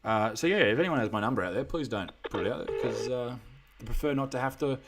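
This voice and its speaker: An Australian comedian hosts a live stream, chatting casually and trading crude jokes and banter. His medium-pitched male voice moves fast over a noisy background.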